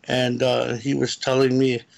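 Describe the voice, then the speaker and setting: Gravelly-voiced man telling a story. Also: medium pitch, monotone. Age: adult, lived in California. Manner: rambling, halting retelling of a personal encounter. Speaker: guest caller. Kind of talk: casual storytelling.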